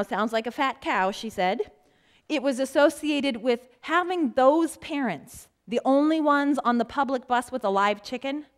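A middle-aged woman pastor preaches to her congregation in a church, and her voice sits a little high. She tells stories in an easy, conversational way and drops in rhetorical questions as she goes. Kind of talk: sermon. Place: church sanctuary.

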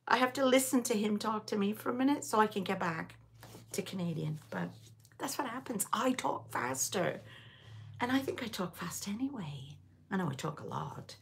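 A woman's voice: mid-range voice, animated, normal speed, gravelly, husky. A middle-aged woman from Liverpool hosting a casual live stitch-along chat, rambling and answering viewers as she goes. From England, Liverpool area. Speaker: knitting channel host. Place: home.

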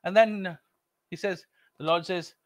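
A man's voice: sits high, steady tone, unhurried, no echo. A man preaching a sermon, earnest and repetitive, telling a story to make his point. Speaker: pastor.

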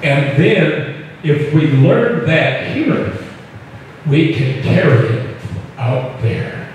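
A man's voice: on the high side, lively intonation, extremely slow, darkish tone, slight background noise. A male pastor preaching in a folksy, conversational way, with frequent asides to the congregation. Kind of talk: sermon. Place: church hall. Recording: echoey hall, distant mic.

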